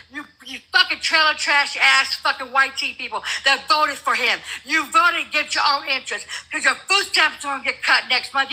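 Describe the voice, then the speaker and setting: A woman's voice: high-pitched, pushed and bright, rough recording. An older woman arguing as a guest in a heated livestream debate, blunt, confrontational and full of profanity.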